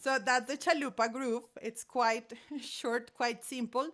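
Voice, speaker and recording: A woman's voice: fairly high pitch, fairly even intonation, slow, fairly bright tone. Woman teaching drum rhythms. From Colombia. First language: Spanish. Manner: counts rhythms aloud with vocal syllables while drumming. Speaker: percussion teacher. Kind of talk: music master class. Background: hand drums and percussion.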